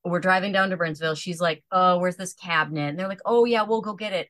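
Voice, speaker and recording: Woman, thirties, low voice, dry close sound; a chatty storyteller who acts out every quote. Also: fast, hardly any pauses, dry recording. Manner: animated, acts out quotes, many "like" fillers. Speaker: podcast guest. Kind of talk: casual storytelling chat.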